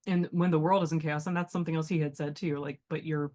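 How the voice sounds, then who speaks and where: A woman's voice: sits low, steady tone, fast, warm tone. A woman who is a teacher, chatting casually as a podcast guest, talking things through in a reflective, rambling way with many fillers.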